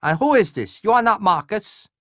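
A man voicing a curt, sly male colonel with a high nasal voice, from an audiobook. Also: big pitch swings, normal speed, a bit bright, no room sound, clean studio sound.

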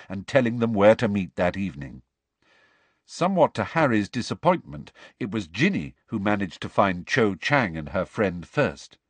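Male audiobook narrator, low husky voice, lively inflection, dry close sound. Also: dry recording. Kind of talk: scripted narration.

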